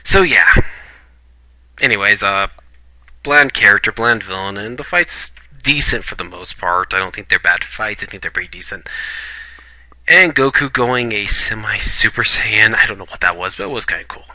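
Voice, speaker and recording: Male reviewer, blunt and casual, swears freely; bright, close, dry sound. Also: lowish voice, expressive, normal speed, no room sound, rough recording. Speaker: video reviewer.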